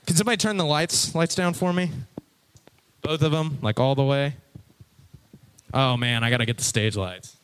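A man preaching a casual, lively sermon from a stage before an audience, talking conversationally and acting out his listeners' reactions. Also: mid-range voice, moderate pace, long pauses, smooth.

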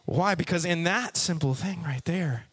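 A preacher from Texas, a man, gives a joking sermon and talks straight to his audience in a playful, animated way. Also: on the high side, moderate pace, slightly rough.

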